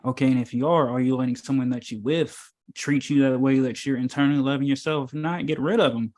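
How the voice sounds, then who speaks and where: A man of middle pitch talks as a spiritual teacher in a loose, preachy way. He rambles from point to point, stresses his words hard and keeps throwing out rhetorical questions and fillers. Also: fairly even intonation, fast, darkish tone. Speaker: spiritual teacher in an informal meetup. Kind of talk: casual preachy talk.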